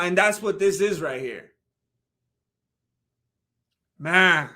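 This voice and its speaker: Male streamer, slightly high, bright tone, talks straight to chat. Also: sing-song, slow, pauses often. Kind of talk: casual live-stream chat.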